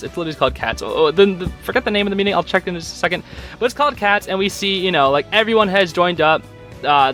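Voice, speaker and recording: Excitable young man with a bright voice. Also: high-pitched. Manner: excitable, full of "like" fillers. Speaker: show recap reviewer. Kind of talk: casual episode recap and reaction.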